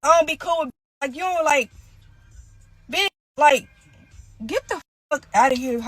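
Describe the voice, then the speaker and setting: A woman's voice: sits high, a bit bright, no echo, faint music behind, poor audio. A woman ranting in a played clip, heated and profane. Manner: heated, profane, rapid-fire.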